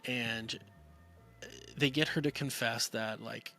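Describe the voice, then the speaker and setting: Casual male film-review podcaster, gravelly and bright-toned, rambling plot recap. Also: mid-range voice, fairly even intonation, slow. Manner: rambling, filler-heavy retelling with acted-out quotes.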